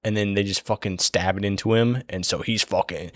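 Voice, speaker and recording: A man's voice: lowish voice, fairly even intonation, brisk, few pauses, no echo, studio quality. A young man casually retelling a story while he draws it, rambling, swearing and losing his place.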